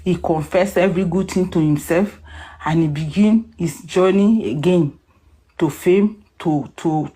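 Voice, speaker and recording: An emotional woman on the line, close to tears, her voice pitched somewhat low. She speaks earnestly and pleads her point. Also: dark tone, husky.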